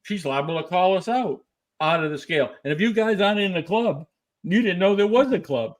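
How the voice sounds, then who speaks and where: Guy with a pretty high voice on a podcast, keeps throwing out questions, emphatic. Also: expressive. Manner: rapid rhetorical questions, emphatic. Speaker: guest. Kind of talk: animated interview talk.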